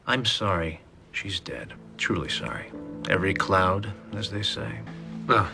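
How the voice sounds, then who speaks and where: An actor playing an arrogant rich husband who speaks in a clipped, haughty, dismissive way. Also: male voice, sits low, expressive, unhurried, creaky, music in the background, heavily acted.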